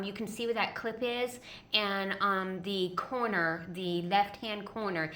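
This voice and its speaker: With a medium-pitched, sharp-toned voice, a woman teaches sock machine knitting step by step. She's patient and chatty in a homey way, repeating steps, often asking "okay?", and adding a playful "ta-da".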